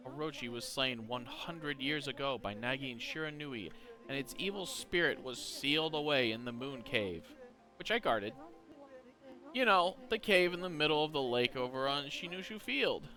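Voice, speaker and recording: A man's voice: medium pitch, animated, moderate pace, pushed and bright. A man reading aloud as a smug, lofty young male prophet swordsman, in a theatrical, teasing manner. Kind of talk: reading game dialogue aloud.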